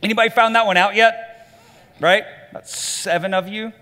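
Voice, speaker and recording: A male lead pastor with a high, bright voice and a light Southern American accent moves between easy chat and emphatic preaching. His words ring out with the long reverb of a large church hall. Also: steady tone, moderate pace. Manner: conversational, rising to emphatic preaching. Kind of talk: sermon.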